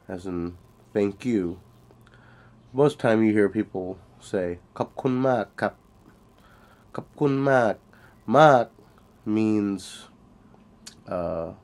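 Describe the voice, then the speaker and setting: A man with a low voice leads a spoken language lesson at an unhurried, deliberate pace. He sounds out each example phrase with care and repeats key words so a learner can follow along. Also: darkish tone. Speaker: language teacher. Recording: home-made audio lesson.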